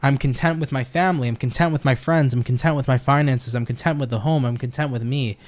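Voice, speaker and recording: A man's voice: mid-range voice, steady tone, fast talker, a little mellow. A young man giving a casual tarot reading from his home office, laid-back and swearing freely, with frequent laughs. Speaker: tarot reader.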